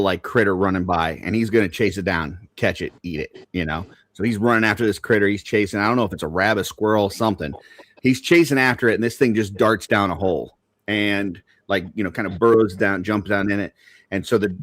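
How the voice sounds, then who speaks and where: Male podcast host, low voice, loose rambling storyteller, dry sound. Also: dry recording. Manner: rambling joke-teller, laughs loudly. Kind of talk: casual podcast chat.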